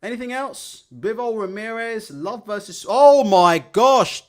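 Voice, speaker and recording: A man's voice: high voice, measured pace, faint music behind. A man hosting a live boxing stream, swearing and sarcastic in his commentary. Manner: profane, sarcastic, animated. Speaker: boxing show host.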